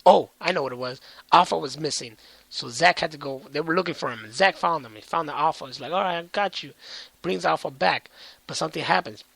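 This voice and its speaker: Man, comic reviewer, excited rambling recap, bright gravelly voice, dry close sound. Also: fairly high pitch, fast talker, poor audio. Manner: excited, rambling, heavy swearing. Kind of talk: casual vlog recap.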